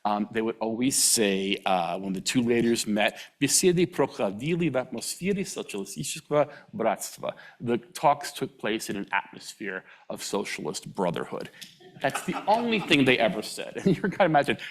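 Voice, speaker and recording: A middle-aged man giving a public lecture, telling humorous anecdotes, chuckling and acting out quoted voices with sudden jumps in pitch. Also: lively intonation, fairly bright tone. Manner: draws out foreign words slowly for the audience to repeat.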